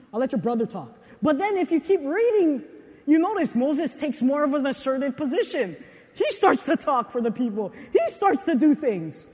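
A young adult man preaching a sermon in a casual, confessional way, with animated asides and personal stories. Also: very high-pitched, normal speed. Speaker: pastor. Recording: long hall reverb.

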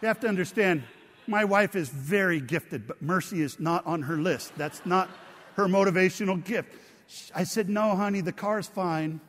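A man's voice: high-pitched, moderate pace, fairly bright tone. A man preaching a sermon, telling funny stories with lots of animation and laughing at his own tales. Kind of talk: humorous sermon storytelling. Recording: long reverb of a large hall.

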